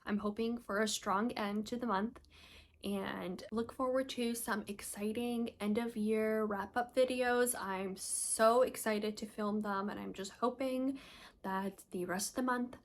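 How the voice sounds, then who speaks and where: A young woman talking casually to her camera about the books she read this month. Her voice sits at an ordinary middle pitch, and she gushes openly about stories that moved her. She rambles in a friendly way, with plenty of "um" and "I don't know" along the way. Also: fairly even intonation, unhurried. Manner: gushing, emotional, chatty with fillers. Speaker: book vlogger. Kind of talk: casual book review vlog.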